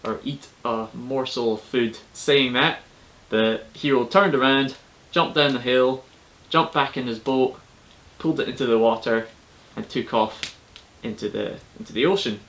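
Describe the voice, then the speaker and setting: A man retelling an old legend in a casual, spoken way. His delivery is relaxed and chatty, full of colloquial asides, at an ordinary pitch for a man. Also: normal speed, hardly any pauses, low-quality recording. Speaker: storyteller. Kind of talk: casual oral storytelling.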